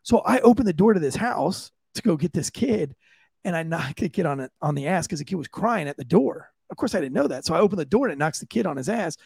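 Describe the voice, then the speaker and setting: Gravelly man telling cop stories. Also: a little high, fast, dry recording, clean studio sound. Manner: animated storyteller, acts out quotes. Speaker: podcast co-host, former police officer. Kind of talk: casual storytelling chat.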